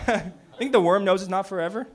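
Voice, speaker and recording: A man wrapping up a stand-up set at an open mic, talking fast and excitedly. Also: high-pitched. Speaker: stand-up comedian.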